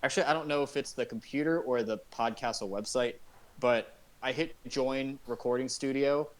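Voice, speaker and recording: A man's voice: mid-range voice, normal speed. A young man co-hosting a casual podcast, blunt and swearing as he ribs his friends, calling in on a phone. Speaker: podcast co-host. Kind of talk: casual chat. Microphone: phone on a remote call.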